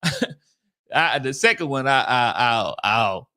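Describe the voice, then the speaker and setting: A man co-hosting a podcast, telling a story in casual chat, animated and laughing, often stammering and restarting his sentences. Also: medium pitch, a little slow, smooth. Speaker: podcast co-host.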